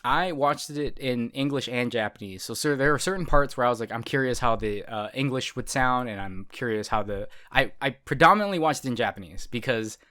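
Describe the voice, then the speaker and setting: A man's voice: mid-range voice, lively intonation, a little fast, hardly any pauses, sharp tone. A man co-hosting a podcast in casual chat, rambling and correcting himself, laughing often. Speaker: podcast co-host.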